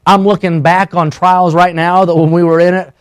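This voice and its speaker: A middle-aged man preaching a sermon as a pastor, impassioned and swinging between loud and hushed. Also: high voice, little pitch movement, normal speed, clean tone.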